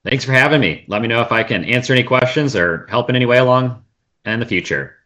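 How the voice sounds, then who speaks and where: A man's voice: medium pitch, fast, sharp tone. A man, a meat science expert, explaining on a video call, thinking aloud with many fillers and restarts. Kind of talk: explanatory conversation.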